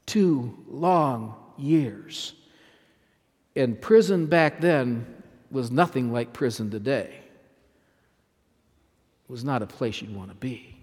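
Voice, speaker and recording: A man's voice: mid-range voice, slow pace, pauses often, a little mellow, husky. A male pastor preaching a sermon, emphatic, repeating phrases and putting questions to his listeners. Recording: long hall reverb.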